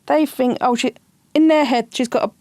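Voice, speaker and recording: A woman's voice: high-pitched, normal speed, darkish tone, dry recording, studio quality. A bubbly woman, a podcast guest, chatting with lots of giggles. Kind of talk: casual podcast chat.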